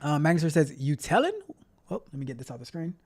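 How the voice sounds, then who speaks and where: A man's voice: a little high, expressive, quick pace, darkish tone. A man hosting a casual tech livestream, chatting with viewers in a playful, repetitive, motivational way. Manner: playful, repeats himself a lot. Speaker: tech coach livestream host.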